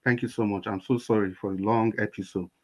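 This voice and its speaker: A man with a Nigerian accent speaking as a panelist on a video call, telling a political story in an animated way. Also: on the low side, brisk. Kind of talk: political commentary. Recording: dull lo-fi call audio.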